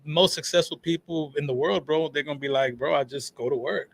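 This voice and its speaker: A man, a phone repair shop owner guesting on a talk show, telling animated stories full of swearing and acted-out quotes. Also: fairly high pitch, fairly quick, vocal fry. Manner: animated storyteller, swears freely, acts out quotes. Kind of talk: casual talk show chat.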